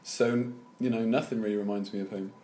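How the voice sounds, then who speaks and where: A man's voice: on the low side, fairly even intonation, fairly quick, mellow. A man from England co-hosting a casual chat, making dry, wry remarks. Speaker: podcast co-host. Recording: echoey room.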